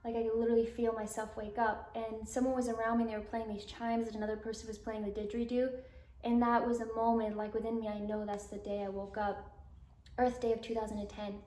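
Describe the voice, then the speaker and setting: Guest, woman in her twenties from Alabama, higher voice, rambling storyteller, echoey room. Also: flat delivery, quick pace, mellow. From Alabama, US South. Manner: rambling, lots of "like", acts out quoted dialogue. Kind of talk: personal storytelling interview.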